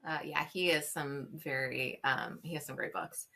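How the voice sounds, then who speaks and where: Woman host of a stream interview, friendly and chatty, lowish bright voice. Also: fairly even intonation, normal speed, gravelly. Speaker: livestream host. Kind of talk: hosted interview.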